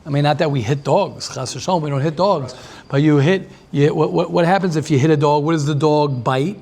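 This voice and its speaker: A man who is a rabbi giving a lively class, repeating himself and restarting often as he talks with the audience. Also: fairly high pitch, brisk.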